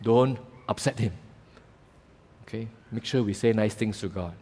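A man's voice: fairly low pitch, unhurried, a little mellow. A man preaching a sermon, telling the story animatedly with casual fillers and acting out voices. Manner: casual local fillers like "lah" and "ah". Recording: reverberant hall.

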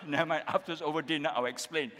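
A man's voice: a little high, fairly even intonation, very fast, fairly bright tone, big-room sound. A man with a Malaysian accent preaching a sermon as pastor, emphatic and repetitive, often tagging his points with "isn't it?" and "okay?". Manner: emphatic, repetitive, with frequent tag questions.

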